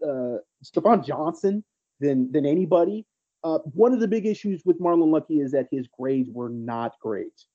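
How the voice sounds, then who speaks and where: A man's voice: on the high side, dark tone, dull audio. A man co-hosting a casual sports podcast, telling recruiting stories in a rambling, teasing way. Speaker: podcast co-host, recruiting analyst.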